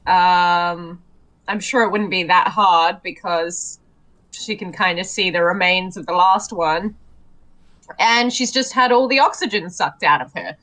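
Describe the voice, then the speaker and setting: A woman's voice: lowish voice, measured pace, fairly bright tone, low-quality recording. A woman playing in a tabletop game, hesitant and giggly, describing her character's actions. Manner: giggly, hesitant, lots of ums. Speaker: player.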